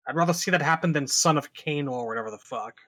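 A man's voice: on the high side, fast talker, a bit bright. A man co-hosting a casual gaming podcast, joking and chatting loosely. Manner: jokey, puts on a robotic voice now and then. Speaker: podcast co-host. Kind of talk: casual chat.

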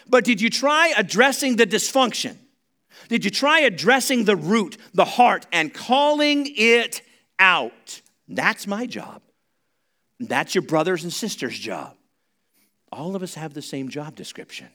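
Bright-voiced preacher, high for a man. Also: very animated, unhurried. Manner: conversational, builds to loud emphatic preaching. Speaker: pastor. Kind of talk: sermon. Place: church sanctuary.

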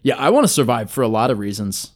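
A man's voice: mid-range voice, very animated, quick pace, lightly acted. A man voicing a crude, booze-loving stout dwarf adventurer who talks bluntly and jokes. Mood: flippant.

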